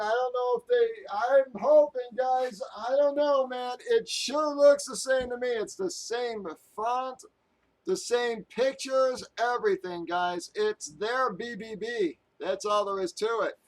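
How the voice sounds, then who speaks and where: A man with a high voice vents on his live stream, talking straight to his viewers. He is angry, swears freely, and rambles, breaking off and restarting his sentences. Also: fairly even intonation, measured pace, low-quality recording. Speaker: live stream host breaking sports card boxes.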